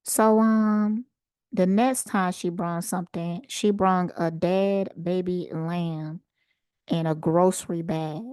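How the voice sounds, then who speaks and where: Slow-talking woman telling a story. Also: fairly low pitch, smooth, dry recording, clean studio sound. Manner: unhurried, conversational, animated retelling. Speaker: channel host. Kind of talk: casual personal storytelling.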